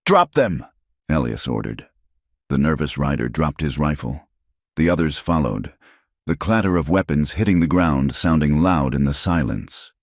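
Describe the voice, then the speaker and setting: Very deep-voiced male story narrator. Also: moderate pace, dry recording, clean studio sound. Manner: steady, dramatic storytelling. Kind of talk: scripted narration.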